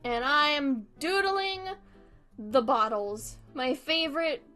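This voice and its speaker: A young woman chats on a live stream as she draws, her voice sitting a bit high. She rambles from one thing to the next, laughs a lot and pokes fun at herself. A little music plays quietly in the background. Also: animated, slow. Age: young adult. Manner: giggly, scattered, self-mocking. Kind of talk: casual chat while drawing on stream.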